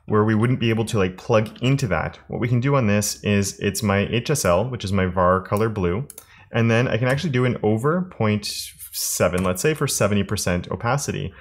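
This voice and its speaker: A man teaching web development in a screen-recorded coding tutorial, thinking aloud in a relaxed way with fillers and restarts. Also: fairly low pitch, a little fast.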